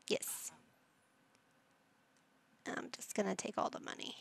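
A woman's voice: on the high side, lively intonation, slow, vocal fry, pauses often. A woman gaming YouTuber giving chatty let's play commentary, narrating each move she picks. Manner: chatty, narrating her own game moves.

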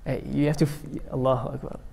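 Mellow preacher in an echoing mosque. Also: male voice, medium pitch, little pitch movement, fast, gravelly, slightly rough. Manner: storytelling preacher, mixing in Arabic recitation. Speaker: sheikh giving a Ramadan lecture. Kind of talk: sermon. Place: mosque hall. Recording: long echo of a mosque hall.

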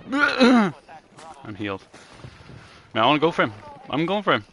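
A man's voice: fairly high pitch, very animated, quick pace, a bit bright. A man streaming a shooter game live, swearing and bantering casually with a teammate. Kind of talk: casual gaming commentary. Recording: gameplay noise behind.

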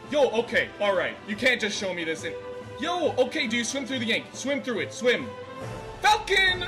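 A man shouting giddy, overexcited exclamations as he reacts live to a video game trailer. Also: extremely high pitch, very animated, normal speed, over loud music. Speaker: reaction streamer.

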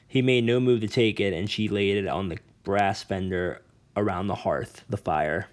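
A man's voice: lowish voice, moderate pace. A man narrating a novel aloud in a plain reading style, with some stumbles over words. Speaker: audiobook reader. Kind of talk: amateur audiobook narration.

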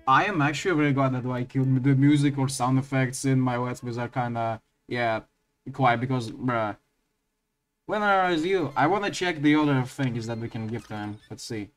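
A man giving crude, swear-heavy commentary while playing a game, often breaking into high laughing outbursts. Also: normal speed, faint music behind. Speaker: let's play gamer.

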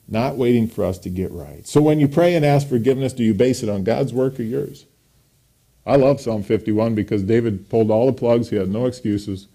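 A man's voice: medium pitch, fairly quick, warm tone. A man preaching a sermon in a church, emphatic, with his voice rising on scripture quotes. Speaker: pastor.

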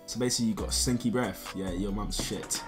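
A man's voice: fairly low pitch, fairly quick, music in the background. A man, commentating live gameplay and throwing profane, repetitive insults at other players in voice chat. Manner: brash, profane trash-talking, repeats insults over and over. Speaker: gaming video creator.

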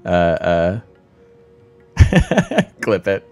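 A man's voice: sits low, sing-song, extremely slow, gravelly, darkish tone, clear, resonant tone, soft background music. A man hosting a strategy game let's play, thinking aloud in casual commentary, often laughing at himself.

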